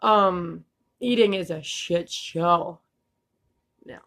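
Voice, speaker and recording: A woman's voice: on the low side, very slow, vocal fry, fairly bright tone. Young woman vlogger, slight lisp, blunt and laughing, cusses casually. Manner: candid, laughing, swears freely. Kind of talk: casual vlog talk.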